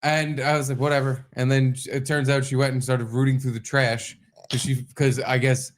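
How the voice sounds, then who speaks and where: A man co-hosting a podcast, chatting casually and telling a story, swearing and acting out quotes in high voices. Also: level tone, normal speed. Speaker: podcast co-host. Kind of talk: casual chat.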